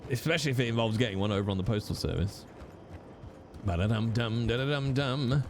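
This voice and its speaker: A man's voice: on the low side, very fast, a little hiss or hum. A man streaming a role-play game, chatting casually with his viewers in a playful, rambling way and humming little tunes between remarks. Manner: playful, rambling, hums little tunes, jokes about accents. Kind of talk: casual gaming chat with viewers.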